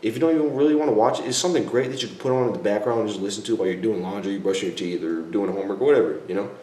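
A man's voice: on the low side, very fast, dark tone. A young man hosting a casual vlog, answering viewer questions in a rambling, self-correcting way and laughing often. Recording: echoey room, faint background noise.

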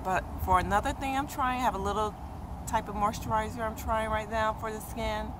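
A woman beauty vlogger talks casually and directly to her viewers, checking in with "okay?" as she goes. When she gets excited she repeats herself in quick bursts. Cars and street noise are clearly heard behind her. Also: on the high side. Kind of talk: casual chatty product review.

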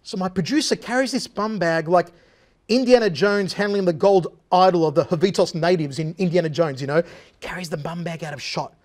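A middle-aged man telling a comic anecdote as a guest on a talk show, animated and chatty. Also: high voice, fairly quick. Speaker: guest, former TV interviewer. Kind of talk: casual storytelling anecdote.

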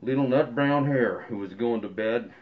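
A man's voice: medium pitch, moderate pace, narrow, tinny audio. A man reading a picture book aloud, with folksy, joking asides to his listeners. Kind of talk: storybook read-aloud.

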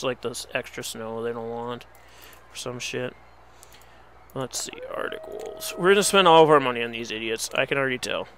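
Young guy talking over his game, slow and kinda high, fed up and begging, swears a lot, faint hiss. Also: fairly bright tone. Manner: exasperated, pleading and swearing at the game. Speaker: let's play host. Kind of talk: casual gameplay commentary.

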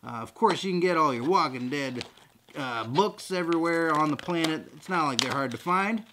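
Male unboxing host, goofy and jokey, very lively pitch. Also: moderate pace, a little hiss or hum. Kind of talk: excited unboxing chatter.

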